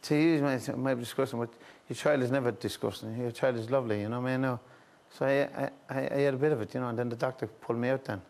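An Irish man telling a story as a chat show guest, halting and repetitive, with frequent restarts and "I said". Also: mid-range voice, steady tone, a little mellow. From Ireland.

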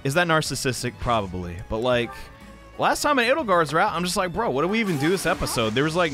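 A young man from the American South giving rambling, self-deprecating, excitable commentary while playing a video game. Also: on the high side. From Southern United States. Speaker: let's play commentator. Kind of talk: casual gameplay commentary. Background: faint game music.

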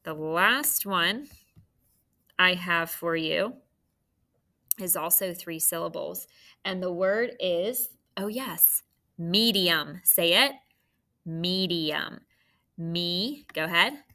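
Here a woman with a lowish, animated voice that sounds pushed and bright walks young third graders through phonics. She is encouraging and patient, speaking at a slow, clear pace.

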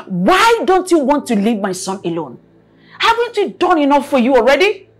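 A woman's voice: high voice, wildly swooping pitch, moderate pace, soft background music. An actress playing a proud, angry wealthy mother who scolds with a Nigerian accent, often repeating herself. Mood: scolding. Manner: scolding, repeats herself, long dragged words. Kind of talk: Nollywood film acting.

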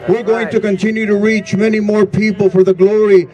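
A man's voice: high voice, level tone, a little fast, dark tone, rough recording. A grieving man, a pastor, giving an earnest prayer vigil address with a repetitive preaching cadence.

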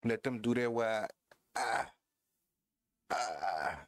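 A man's voice: fairly low pitch, animated, slow pace. A man casually commenting on his wrestling game as he plays, trash-talking his opponent, laughing and talking to his viewers. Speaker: gamer. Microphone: headphones headset.

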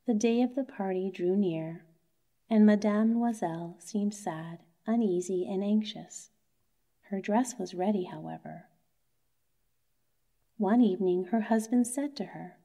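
A woman reads a bedtime story aloud in a soothing, soft delivery. Her voice is darkly mellow and warm-toned, never bright. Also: medium pitch, a little slow.

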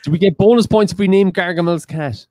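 A man's voice: sits high, fast, darkish tone, dry recording. A man hosting an online quiz, reading out questions with jokey asides. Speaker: quiz host.

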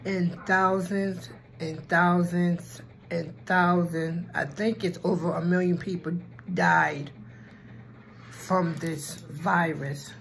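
A woman vlogger in casual chat, talking slowly and from the heart, with a Black way of speaking and frequent ums. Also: lowish voice, fairly even intonation, a little hiss or hum, rough recording. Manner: slow and heartfelt, with filler ums.

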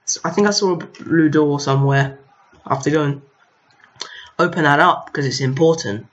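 A man's voice: fairly high pitch, normal speed, fairly bright tone. A young man casually commenting on his own gameplay, chatting to enemies on screen with mild exasperation. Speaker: gaming video host. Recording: lo-fi home mic.

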